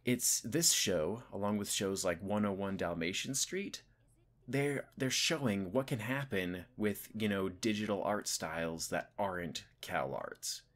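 A young man hosting a video, giving casual spoken commentary that rambles with lots of "like" and "you know" and swoops up and down in pitch. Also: measured pace, fairly bright tone. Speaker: video host.

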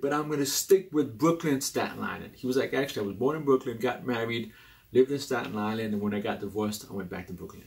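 A young adult man hosting a casual talk about personality types, animated and rambling, often restarting his sentences. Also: fast talker, vocal fry. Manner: animated and rambling, with many restarts and sudden jumps in pitch. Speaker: host.

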